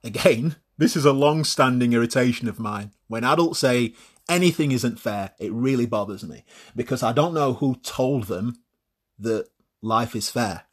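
Husky-voiced, blunt man. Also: mid-range voice, expressive, normal speed. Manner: blunt, swears freely, repeats words while thinking. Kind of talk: opinionated solo monologue.

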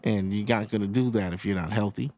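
A man's voice: on the low side, fairly even intonation, fairly quick, darkish tone. A man hosting his own podcast, ranting casually and profanely straight to his listeners. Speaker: podcast host. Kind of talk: casual solo podcast rant.

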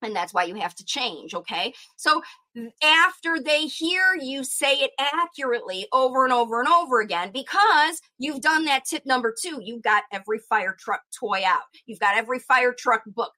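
A middle-aged woman giving parents speech tips, explaining and acting out slow, clear modeling lines with animated emphasis. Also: high voice. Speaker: speech-language educator. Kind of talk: parent coaching talk.

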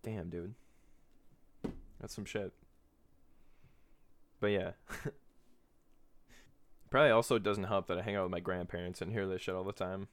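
Profane rambling young man, low voice. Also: steady tone, unhurried, pauses often. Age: 20s. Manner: rambling, profane, laughs often. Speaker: podcast host. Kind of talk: casual podcast monologue.

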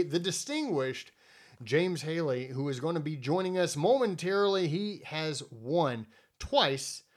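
Chatty, joking male podcast host. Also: fairly high pitch. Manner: joking, chatty, stumbles over intros. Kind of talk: casual podcast chat.

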